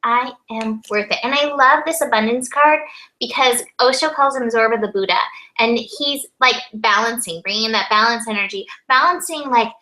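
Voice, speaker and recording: A woman's voice: on the high side, moderate pace, pushed and bright, low-quality recording. A woman co-hosting a tarot chat, upbeat and enthusiastic, often giggling. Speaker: co-host tarot reader. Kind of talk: casual spiritual chat.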